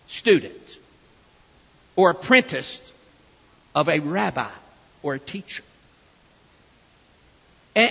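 Male pastor, high gravelly voice, slow emphatic preaching, dull echoing church recording. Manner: emphatic preaching with repeated restarts. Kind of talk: sermon.

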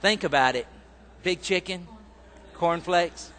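A man's voice: high-pitched, slow pace, a bit bright, in a large hall, a little hiss or hum. A man preaching a sermon as pastor, telling a folksy story with lots of fillers, then reading scripture.

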